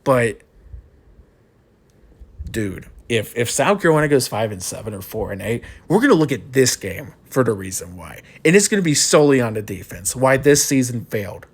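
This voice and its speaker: A man's voice: medium pitch, big pitch swings, normal speed, slightly rough. A young man giving a frustrated postgame rant as a college football fan, repeating himself and ranting.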